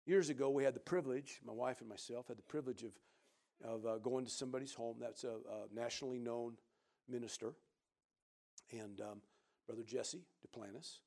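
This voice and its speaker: A middle-aged man preaching to a congregation. He tells a personal story in a gravelly voice at an ordinary pitch. When he acts out what others said, he jumps up in pitch and volume. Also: fairly quick. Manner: animated storyteller who acts out quoted voices loudly. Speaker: pastor. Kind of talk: sermon storytelling.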